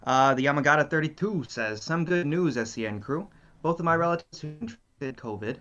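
A man's voice: fairly high pitch, animated, fairly quick, a bit bright, lo-fi sound. A male co-host reading viewer messages aloud in an easygoing, casual way. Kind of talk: casual chat.

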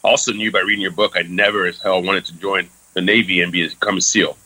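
A man's voice: low voice, flat delivery, fast talker, background noise. A man from France in his thirties, a guest casually telling a candid story with many fillers and casual swearing.

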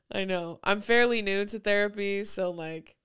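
A young woman chatting casually with a bright, clear voice. She talks loosely, filling her sentences with "like" and breaking into laughs. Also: mid-range voice. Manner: chatty, heavy use of "like", laughs often. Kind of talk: casual chat.

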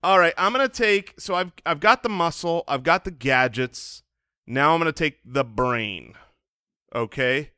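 A man's voice: fairly high pitch, unhurried, sharp tone, smooth, dry recording, clean studio sound. A man co-hosting a comedy podcast, trading playful banter and laughing often. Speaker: podcast co-host.

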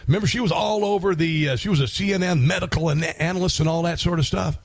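Talk radio guy ranting, sarcastic and combative, bit high voice, dry close mic. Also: quick pace, gravelly, no echo. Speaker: radio talk show host. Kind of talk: opinionated talk radio monologue.

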